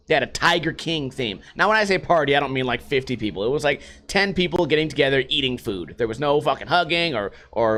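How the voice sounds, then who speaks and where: High-voiced animated man, swearing. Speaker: vlogger. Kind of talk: casual profane storytelling.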